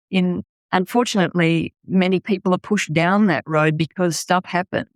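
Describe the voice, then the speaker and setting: In a dry recording, a middle-aged charity founder with an Australian accent talks in a fairly low voice during a candid interview. Earnest and blunt, she tends to restart her sentences.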